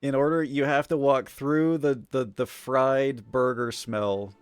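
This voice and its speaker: A man's voice: medium pitch, fairly even intonation, unhurried, clear, resonant tone, dry recording, clean studio sound. A man chatting casually on a live stream, rambling and swearing as he rants. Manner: rambling, profane and ranting.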